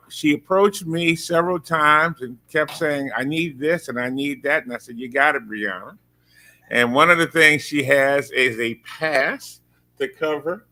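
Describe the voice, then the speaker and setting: A man's voice: a little high, sharp tone. A man, a university official, formally introducing a student at a board meeting and reading a prepared tribute with occasional filler-laden asides.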